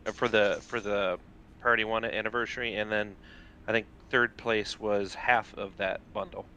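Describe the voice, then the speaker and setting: Bright-voiced man recalling details. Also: fairly low pitch, fairly even intonation, normal speed, dull audio, slight background noise. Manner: hesitant, unsure recall. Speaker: co-host. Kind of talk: casual live stream chat.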